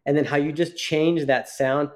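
A man's voice: a little high, steady tone, normal speed, darkish tone. A man co-hosting a podcast, telling a rambling story in casual chat with many restarts. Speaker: podcast co-host.

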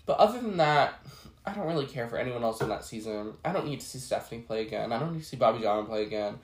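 A man's voice: mid-range voice, expressive, fast talker. A man with a stuffy, cold-clogged voice, telling a work story in a chatty, exasperated vlog ramble. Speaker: vlogger. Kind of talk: casual storytelling chat. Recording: echoey room.

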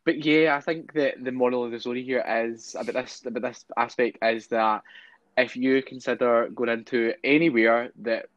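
A man's voice: mid-range voice, steady tone, normal speed, a bit bright, no room sound, highs cut off. A man who is a podcast guest, speaking bluntly and earnestly in casual chat, with some swearing.

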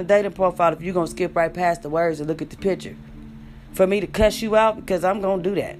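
Profane ranting woman, low voice. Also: steady tone, quick pace, faint music behind. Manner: blunt, profane, sarcastic. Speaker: vlogger. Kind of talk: ranting monologue.

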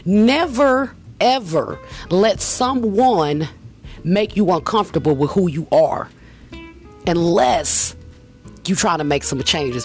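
A woman's voice: mid-range voice, a little mellow. A woman host giving a casual, emphatic motivational talk, addressing the listener directly. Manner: emphatic, chatty, talks straight to the listener. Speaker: vlogger, show host.

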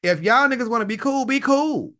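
A man hosting a livestream, chatting in an animated, profane way and laughing often. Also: very high-pitched, brisk. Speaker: livestream host. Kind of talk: casual commentary chat.

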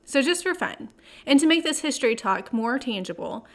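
Expressive woman teaching the Bible. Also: high-pitched. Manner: warm, conversational, with playful asides and dramatic slow emphasis. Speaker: Bible teaching podcast host. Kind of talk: scripted devotional teaching.

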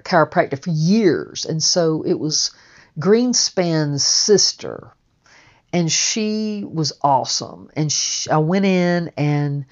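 A middle-aged woman telling her own story in a candid, salty, animated way, swearing freely. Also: low voice, dull audio. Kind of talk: personal storytelling.

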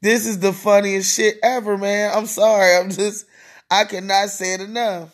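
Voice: mid-range voice, level tone, normal speed. A podcast host ranting solo, mocking and cursing, who keeps breaking into laughter.

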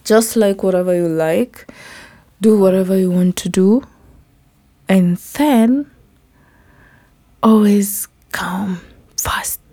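Slow, chatty Kenyan woman podcast host. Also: medium pitch. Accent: Kenyan, Kimeru. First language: Kimeru. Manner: chatty, mixes English with Swahili, drops to soft whispers. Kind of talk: casual solo podcast talk.

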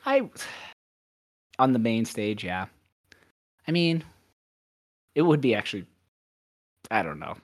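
A man's voice: mid-range voice, big pitch swings, slow, long pauses, no room sound, clean studio sound. A young man hosting a podcast in casual chat, rambling and upbeat, often correcting himself. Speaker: podcast host.

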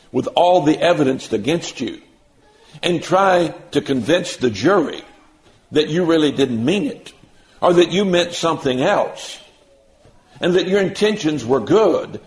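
A man preaching a sermon, stressing key words slowly and mixing in folksy everyday examples. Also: on the high side, slight background noise, rough recording.

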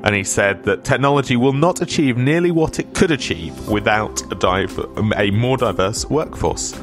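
A man's voice: medium pitch, animated, moderate pace, faint music behind. Rambling radio host, man. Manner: rambling, self-deprecating, chatty asides. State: slightly stuffy from a cold. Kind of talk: casual radio chat and weather reading.

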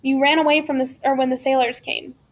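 A woman's voice: high voice, level tone, quick pace. A woman voicing a stubborn, curious young boy in an audiobook, speaking in urgent, insistent whispers. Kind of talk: audiobook character voice.

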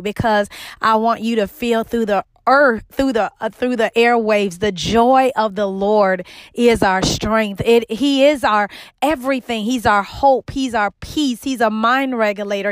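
A woman's voice: on the high side, dry recording. A woman hosting a devotional podcast, preaching with exuberant, emphatic repetition and speaking straight to her listeners. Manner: exuberant, emphatic, repeats herself for effect; talks directly to listeners as y'all. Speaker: podcast host and ministry co-founder.

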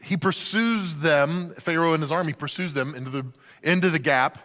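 A man preaching a sermon in an animated way, acting out the voices of the people in the story. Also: on the high side, moderate pace, big-room sound. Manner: animated, acts out quoted voices. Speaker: pastor.

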